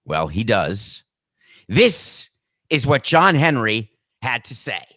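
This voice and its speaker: A man's voice: medium pitch, very animated, takes it slowly, bright, forceful tone, dry recording, clean studio sound. A man hosting a sports podcast, talking in a sarcastic, mocking way. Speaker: podcast host.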